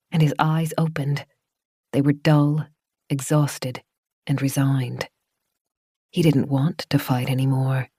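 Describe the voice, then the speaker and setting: A woman narrates a horror audiobook in a low, steady voice. Her delivery is measured and even. The studio recording is close and dead dry. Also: slightly rough, no echo.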